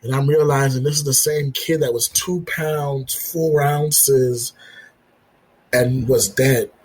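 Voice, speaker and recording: Husky-voiced man telling a personal story. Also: mid-range voice, steady tone, a little mellow, poor audio. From United States. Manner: earnest, halting, repeats himself, acts out dialogue. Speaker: podcast guest, military veteran father.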